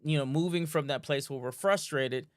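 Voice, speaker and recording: Energetic hype-man host with a smooth voice. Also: fairly high pitch, moderate pace, no room sound, studio quality. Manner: energetic, repeats phrases, ends lines with "man"; stumbles and restarts often. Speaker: host of a live online show. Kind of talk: casual hyped-up livestream talk.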